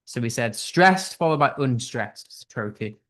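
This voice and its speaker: A man's voice: mid-range voice, lively intonation, moderate pace, fairly bright tone. Man, British accent, English tutor, online class quiz, upbeat, thinks aloud.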